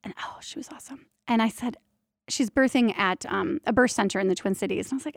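A woman working as a doula, telling stories from her work in a lively, candid, casual monologue that slips in the odd mild swear. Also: medium pitch, quick pace, gravelly, no room sound, studio quality. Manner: animated, candid, playful, drops mild swears. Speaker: doula and prenatal yoga teacher.

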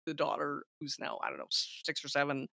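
A woman co-hosting a film podcast, talking in an animated way with lots of restarts and quoted lines. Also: low voice, fairly quick, creaky, no echo, clean studio sound. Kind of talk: casual chat.

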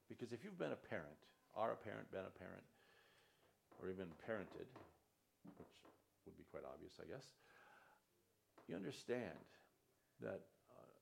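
A man's voice: sits low, vocal fry. A male pastor preaching a sermon, reading scripture aloud with rising emphasis.

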